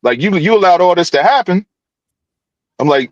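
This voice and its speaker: A man with a slightly high voice tells a long story about a game, restarting his sentences and acting out what each person said. The sound is dry and close, as on a video call. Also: moderate pace, no echo, rough recording. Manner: animated storytelling with many restarts. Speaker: youth football coach. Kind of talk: casual podcast guest recounting events.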